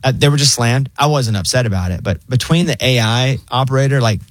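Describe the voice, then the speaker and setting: A young adult man co-hosting a casual chat show, telling stories in an animated way and acting out voices. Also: medium pitch, a little fast, no room sound. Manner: animated storyteller, acts out a chill robot voice. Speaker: co-host.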